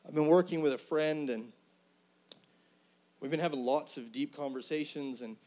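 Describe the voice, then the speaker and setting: A middle-aged man, a pastor, preaching an earnest, conversational sermon that swings between soft, hushed lines and loud, emphatic ones. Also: on the high side.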